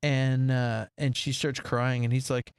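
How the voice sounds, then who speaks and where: A man's voice: medium pitch, measured pace, smooth, dry recording, clean studio sound. A man co-hosting a casual podcast, recapping a movie and acting out the characters' lines. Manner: animated, acts out the characters' lines in different voices. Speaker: podcast co-host.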